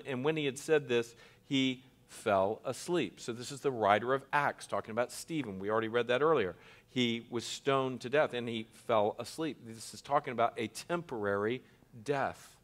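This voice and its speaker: Earnest man teaching a sermon. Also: medium pitch. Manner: earnest, emphatic, with frequent restarts and slowed stresses. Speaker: pastor teaching a Bible class. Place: church.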